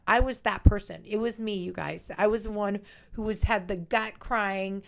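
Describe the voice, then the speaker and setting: A woman chatting on a podcast, her voice at an ordinary middle pitch. She tells stories in a rambling, emphatic way and stresses her words by repeating them. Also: fairly even intonation, moderate pace, vocal fry, few pauses. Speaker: psychic medium guest. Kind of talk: casual podcast chat.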